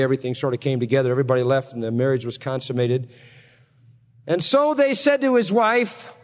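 A man teaching a Bible passage in a sermon, telling the story in a conversational, wry way with asides to his listeners. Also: medium pitch. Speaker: pastor. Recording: long hall reverb.

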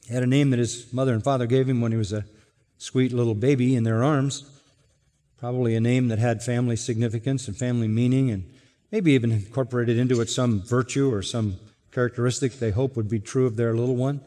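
A man preaching an expository sermon, earnest and emphatic, slowing to stress key words. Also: medium pitch, fairly even intonation, dark tone. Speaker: pastor. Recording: long hall reverb.

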